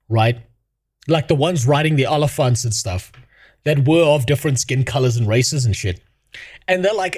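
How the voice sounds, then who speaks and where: Animated, mocking male gaming streamer. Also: mid-range voice, breathy edge. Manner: profane, mocking, laughs often. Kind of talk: casual commentary rant.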